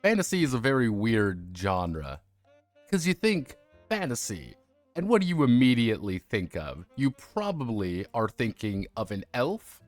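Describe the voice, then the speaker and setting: A man's voice: mid-range voice, very animated, unhurried, no room sound, soft background music. A man casually chatting on a livestream about tabletop role-playing games, rambling and self-mocking with frequent restarts. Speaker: streamer discussing tabletop games.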